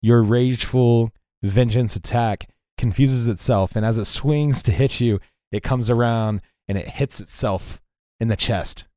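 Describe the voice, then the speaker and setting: A man narrating a tabletop game as game master in a relaxed storytelling manner with frequent fillers. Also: mid-range voice, unhurried, no echo, clean studio sound.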